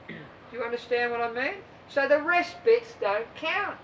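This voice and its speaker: Blunt, high-voiced woman swim coach. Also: normal speed, recorded from a distance, muffled recording, slight background noise. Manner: blunt, emphatic, mocks other coaches' methods. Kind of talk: informal coaching talk to athletes.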